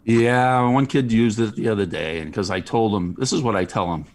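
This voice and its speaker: A man, a guest on a podcast, telling jokey, animated stories in casual chat. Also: on the low side, a little fast. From Charlestown, Boston area. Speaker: guest, ice cream truck driver.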